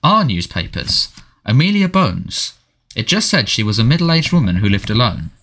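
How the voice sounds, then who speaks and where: A man voicing an irritable middle-aged male prime minister who blusters with sharp, indignant outbursts. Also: mid-range voice, big pitch swings, normal speed.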